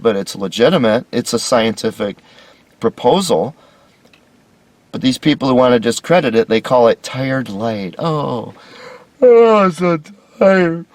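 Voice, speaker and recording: A man's voice: medium pitch, no echo. Sarcastic man lecturing solo. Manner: sarcastic, mocking, emphatic. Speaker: video series host.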